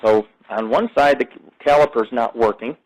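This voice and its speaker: A male podcast host rambling through a casual monologue, swearing freely and wandering from one topic to the next. His pitch sits right in the middle for a man. The delivery is loose, unscripted and conversational. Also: normal speed, darkish tone, poor audio. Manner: profane, rambling, jumps between topics.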